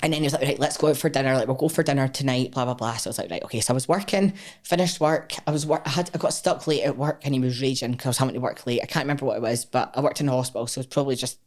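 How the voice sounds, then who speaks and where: Speaking rapid-fire with few pauses, this woman from Scotland has an extremely low-pitched voice. A powerlifter appearing as a podcast guest, she tells her personal story frankly and expressively, with plenty of swearing and acted-out quotes.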